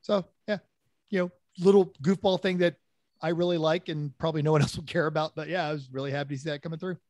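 A man co-hosting a car podcast spins rambling anecdotes, restarting sentences and acting out what people said. His voice is a touch high. The sound is dry and close. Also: fast, dry recording. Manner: rambling storyteller, restarts, animated quotes. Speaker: podcast co-host. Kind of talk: casual podcast chat.

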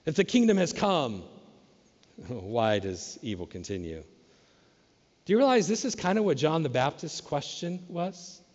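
A man's voice: sits high, creaky, a little mellow, long reverb tail, highs cut off. A man preaching a sermon as pastor, speaking with animation and acting out questions in a raised voice. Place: church sanctuary.

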